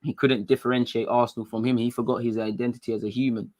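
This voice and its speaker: A man with a British accent hosts a casual livestream, chatting to viewers in relaxed street slang. He is animated and chatty as he answers comments. His voice sits at an everyday middle pitch. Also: quick pace. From England. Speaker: livestream host.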